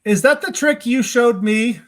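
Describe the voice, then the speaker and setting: A man co-hosting a podcast who makes easygoing, relaxed remarks in casual chat. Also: extremely high pitch, a little slow.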